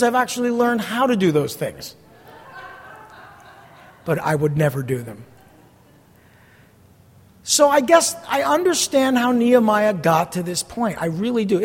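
A middle-aged man preaching a sermon as pastor, earnest, blunt and emphatic as he teaches from scripture. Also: extremely high pitch. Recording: long hall reverb.

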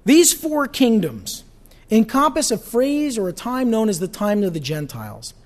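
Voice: medium pitch, big pitch swings, normal speed, darkish tone. A pastor teaching an evening Bible study in a conversational way, often asking the audience questions.

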